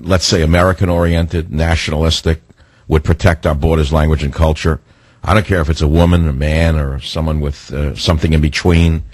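A man's voice: low-pitched, slightly rough, dry recording. A man hosting a political radio talk show, combative and full of rhetorical questions.

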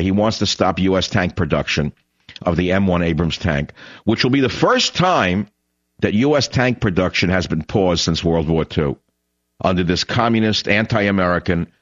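A man hosting a political talk radio show, ranting in a combative, sarcastic monologue with sudden loud outbursts. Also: sits low, dull audio.

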